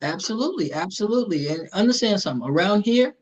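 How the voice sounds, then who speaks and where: A man's voice: sits high, expressive, fast talker, breathy edge, highs cut off. A man hosting a casual interview show, playful and joking, often repeating his words. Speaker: host.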